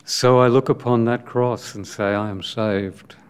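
A man preaching a sermon in measured, emphatic short phrases with long pauses, reading scripture aloud as he goes. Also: mid-range voice, steady tone, smooth.

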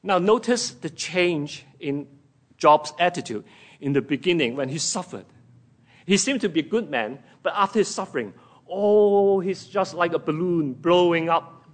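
A man preaching a sermon to his congregation, slow and emphatic, acting out scripture quotes in dramatic voices. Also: on the high side, animated.

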